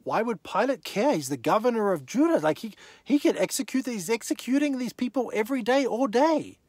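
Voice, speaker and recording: Animated man teaching from the Bible. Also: very high voice, a little fast, no room sound. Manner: animated, rhetorical questions, talks straight to the listener.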